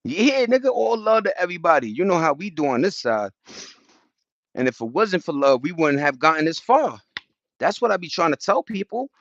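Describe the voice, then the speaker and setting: His voice sits on the high side and moves at normal speed, recorded in lo-fi with no echo. Ranting casually outdoors on a livestream, he addresses his chat in animated, profane street slang and acts out what people said.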